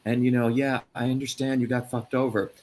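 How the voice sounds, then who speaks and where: A man's voice: medium pitch, flat delivery, a little fast, darkish tone. A man from India hosts a heated live interview. He speaks in a mid-range voice, pushing his points with profane emphasis and mocking asides. A faint hum of room noise sits under him. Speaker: host.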